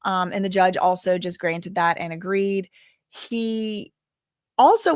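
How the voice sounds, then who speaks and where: A woman's voice: mid-range voice, no room sound, clean studio sound. A woman chatting casually on a live stream, updating viewers on a court hearing and reading their comments aloud with lots of filler words. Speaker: livestream commentator on a court case.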